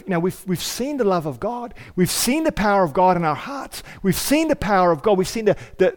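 A male pastor delivers a sermon in a conversational way, with rhetorical questions and repeated phrases. His voice sits on the higher side. The sound trails off in a long church reverb.

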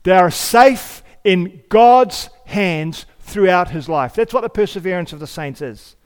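A man's voice: high voice, lively intonation, unhurried, clean tone. A male pastor preaching a sermon in a church. He talks conversationally, asks rhetorical questions and repeats key phrases. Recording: long hall reverb.

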